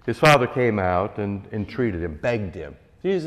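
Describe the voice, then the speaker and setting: Lively wry preacher in an echoing hall. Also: male voice, medium pitch, normal speed, few pauses. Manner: animated, conversational, wry asides. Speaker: pastor. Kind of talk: sermon. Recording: reverberant church hall.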